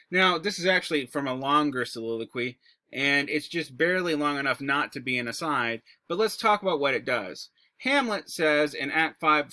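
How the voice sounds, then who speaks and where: A man teaching a recorded high school English lesson. He explains terms casually and breaks words into their parts. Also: pushed and bright, no echo. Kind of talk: recorded classroom lecture.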